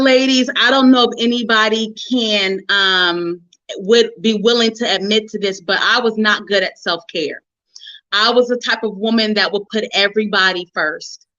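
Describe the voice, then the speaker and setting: A middle-aged woman hosting a relationship forum, telling her own story to listeners in a lively, preachy way and calling them honey and sis. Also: mid-range voice, lo-fi sound. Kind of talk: personal testimony to listeners.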